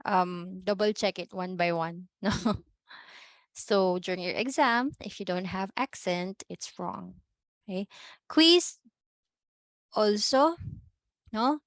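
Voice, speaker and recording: Slow-talking Filipino woman teaching online. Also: mid-range voice, dry recording. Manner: patient, mixes English with Tagalog, often checks with "okay?" and "no?". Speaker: Spanish teacher. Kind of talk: online class lecture.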